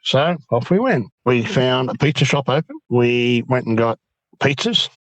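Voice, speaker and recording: Speaking a little slowly in a medium pitch, an Australian-accented interview-show guest recounts a night-time encounter with animation, quoting his own words and his friend's. The recording has no room sound and poor quality.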